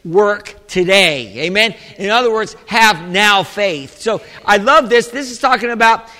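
A man with a high, ringing, bright voice preaches a sermon from the pulpit. His delivery is chatty and full of restarts, and he keeps calling to the congregation for an amen. The sound carries a long hall reverb, as in a large church sanctuary. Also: expressive, a little slow. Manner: call-and-response preaching, asking for amens; conversational, with repeated restarts. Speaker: pastor.

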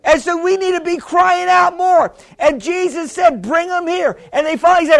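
A man with a strikingly high voice preaching a sermon. He is fervent and rises into shouts, then drops back to a conversational tone, with frequent restarts and calls to the congregation. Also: moderate pace, gravelly, hardly any pauses.

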